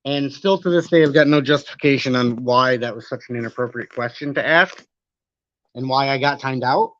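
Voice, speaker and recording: A man's voice: medium pitch, a little fast, fairly bright tone. A man hosting a live stream, rambling and arguing as he reads and answers the chat, swearing now and then. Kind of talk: casual live-stream commentary reading chat. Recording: dull lo-fi stream audio.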